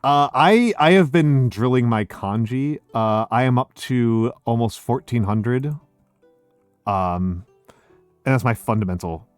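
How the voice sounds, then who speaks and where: A man's voice: medium pitch, expressive, unhurried, smooth, no echo, faint music behind. Rambling streamer man, dry sound. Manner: rambling, heavy on fillers and restarts. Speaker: streamer and host. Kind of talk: casual chat.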